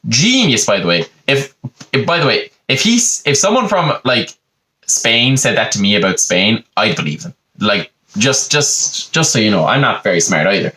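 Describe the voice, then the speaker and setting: A man's voice: medium pitch, very animated, normal speed, sharp tone. A man with an Irish accent hosting a podcast, telling a digressive comic monologue full of "you know" asides. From Ireland. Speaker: podcast host.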